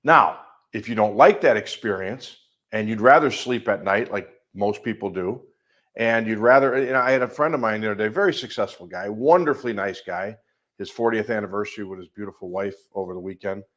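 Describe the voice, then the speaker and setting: A man's voice: lowish voice, fairly quick, a bit bright. A middle-aged man with a Midwestern American accent, speaking as a life coach on a coaching call. He talks emphatically and piles up long repeated lists.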